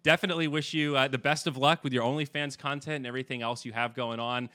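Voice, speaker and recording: Deep-voiced, bright man hosting a podcast. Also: steady tone, quick pace, no echo, studio quality. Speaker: podcast host. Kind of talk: casual interview chat.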